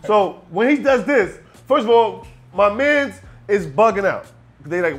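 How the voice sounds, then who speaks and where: A Brooklyn man with a slightly high voice tells a long story in a loose, animated way and slips into the voices of the people in it. He keeps checking in with "you know what I'm saying". Faint music plays under him. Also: moderate pace. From Brooklyn, New York. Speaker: rapper guest. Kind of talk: storytelling in a casual interview.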